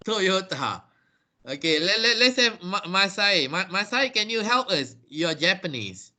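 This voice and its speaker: An English teacher, a man, runs an online lesson over a video call, speaking slowly and checking in with "yeah?" and "right?" while often repeating and restarting words. His voice is high, sing-song, and sharp.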